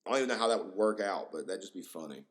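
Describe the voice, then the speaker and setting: Rambling, excitable young male podcaster. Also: sits low, very fast. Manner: rambling, profane, excitable, lots of fillers. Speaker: podcast host. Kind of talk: casual solo podcast rant.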